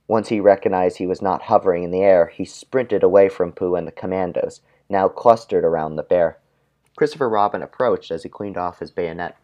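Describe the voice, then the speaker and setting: Deep-voiced man narrating a dark comic tale. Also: highs cut off. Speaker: podcast co-host and storyteller. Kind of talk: comic story reading and casual chat.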